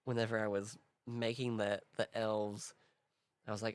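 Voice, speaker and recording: A man hosts a casual worldbuilding talk, thinking aloud and rambling with restarts and small laughs. His lowish voice is flat and unhurried.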